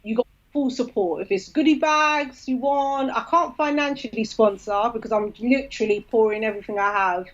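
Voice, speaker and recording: A woman's voice: a little high, moderate pace, hardly any pauses, dull audio. A woman, a podcast guest telling a story in casual chat and acting out the quoted dialogue. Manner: lively, acts out quoted dialogue.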